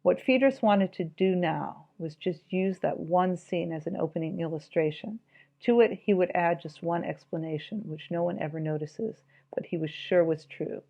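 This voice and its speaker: A woman's voice: lowish voice, normal speed, vocal fry, mellow, highs cut off. A woman giving an informal, reflective spoken commentary on a book, musing aloud and reading passages from it.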